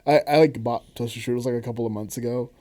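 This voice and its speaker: A man's voice: mid-range voice, steady tone, fast, dark tone. A man co-hosting a podcast in casual chat, rambling with frequent laughs and restarts. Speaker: podcast co-host.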